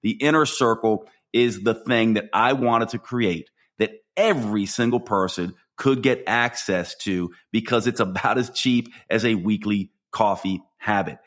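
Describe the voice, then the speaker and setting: A man's voice: on the low side, a little slow, hardly any pauses, fairly bright tone. A man, the podcast host, reading an upbeat promotion that speaks directly to listeners. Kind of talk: promotional read.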